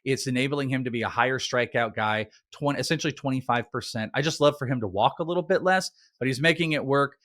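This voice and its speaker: A man's voice: medium pitch, no room sound, clean studio sound. Stat-heavy man analyzing baseball. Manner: stat-heavy, quick and animated. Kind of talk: casual analytical chat.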